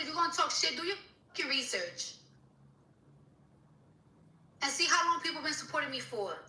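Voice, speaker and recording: A woman's voice: sits high, bright, forceful tone, roomy sound, far from the mic, low-quality recording. A woman rapper in an angry, profane rant on social media, repeating herself as she scolds someone.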